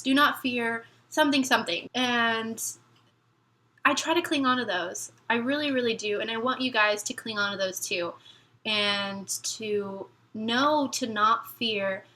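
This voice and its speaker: Bright-voiced woman, halting and tearful. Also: mid-range voice. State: near tears. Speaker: military spouse vlogger. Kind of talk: emotional personal vlog talk.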